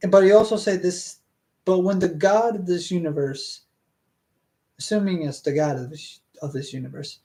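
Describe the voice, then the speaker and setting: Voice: medium pitch, darkish tone. A streamer reading a fantasy book aloud to a live chat, breaking off into rambling, hesitant asides full of restarts.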